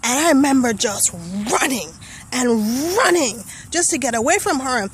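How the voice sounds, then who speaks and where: A young woman with a somewhat high voice gives a personal testimonial. She tells it vividly and acts out the voices and thoughts she remembers. Faint background noise sits under her voice. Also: expressive, normal speed, low-quality recording. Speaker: testimonial speaker.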